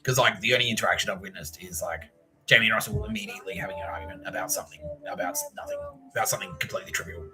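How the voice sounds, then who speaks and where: An Australian man hosting a podcast, telling a long rambling story with heavy swearing and quick impressions of the people in it. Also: fairly low pitch, very animated, music in the background, poor audio. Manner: rambling, profane, mimics people he quotes. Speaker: podcast host. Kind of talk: casual storytelling monologue.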